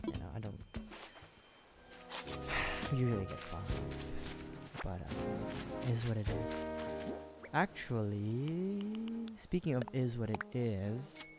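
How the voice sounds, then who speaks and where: A man's voice: mid-range voice, animated, slow, pauses often. A man chatting casually through a gaming livestream, rambling and correcting himself, often chuckling. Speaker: streamer. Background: game music.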